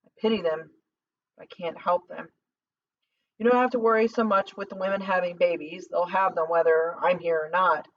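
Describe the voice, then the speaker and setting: A woman voicing a weary, volatile male town doctor in an audiobook, brisk with sudden rages. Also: on the low side, fairly even intonation, slight background noise, natural voice. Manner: brisk, then raging outbursts. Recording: slightly distant dull lo-fi recording.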